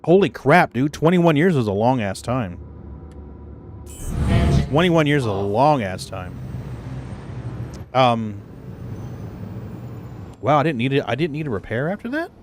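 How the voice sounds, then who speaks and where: This streamer is very animated, talking a little slowly and pausing often in a mid-range voice, with a faint hiss or hum behind him. He swears freely and laughs with viewers while gaming, coughing each time he laughs as he gets over the flu.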